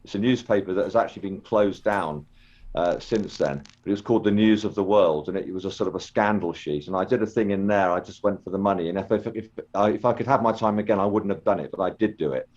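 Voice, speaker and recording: Older guy, low voice, muffled lo-fi sound, rambles on with lots of ums. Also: fast, a little mellow. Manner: rambling, hesitant, many ums and restarts. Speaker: interview guest, former children's TV actor. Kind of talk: casual storytelling interview. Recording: dull lo-fi call audio.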